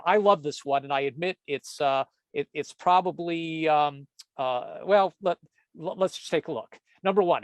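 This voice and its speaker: A man's voice: on the high side, normal speed, no room sound. Joking man giving a storytelling talk. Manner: jokey asides, animated, self-interrupting. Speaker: presenter, comics editor and cartoonist. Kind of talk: storytelling presentation.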